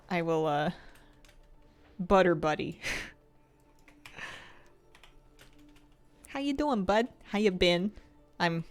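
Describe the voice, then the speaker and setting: A woman's voice: on the low side, smooth. A woman streaming a game, chatting casually in a rambling, playful way, laughing often and answering chat.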